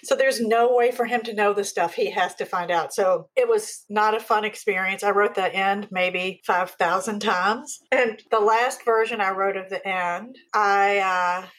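A woman in her fifties, a guest author chatting in an interview, telling animated stories and acting out quoted lines. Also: mid-range voice, measured pace, few pauses, poor audio. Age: 50s. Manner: animated storytelling, acts out quotes. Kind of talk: casual interview chat.

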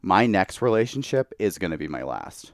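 A man's voice: deep voice, sing-song, normal speed, no room sound, studio quality. A young man talking candidly as a podcast guest, a bit tipsy from tequila, filling his speech with "like.". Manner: candid, heavy use of "like". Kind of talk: casual chat.

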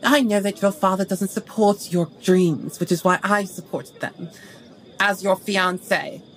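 A woman's voice: medium pitch, a little slow, natural voice, poor audio. A woman voicing a haughty Regency society lady who delivers sweetly polite, cutting remarks in a tabletop role-play. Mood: icy. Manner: sweetly barbed, mock-polite.

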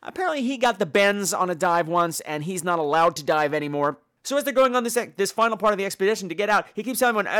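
A man with a high, lively voice that swings widely in pitch as he reviews films for a podcast. His delivery is campy and sarcastic, full of snark. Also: fast talker, few pauses. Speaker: podcast host and horror film reviewer. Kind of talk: casual spoken review.

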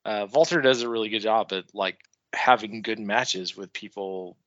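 A man co-hosting a podcast, chatting casually, laughing often and slipping into quick mock voices. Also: fairly low pitch, a bit bright, dry recording, muffled recording. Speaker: podcast co-host. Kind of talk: casual wrestling chat.

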